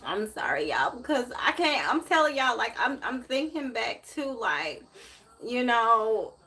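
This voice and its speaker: A woman's voice: on the high side, very animated, a little slow, sharp tone. A woman, hosting a casual live tarot stream and talking emotionally to her viewers in a repetitive way. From Memphis, USA. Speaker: tarot reader and host.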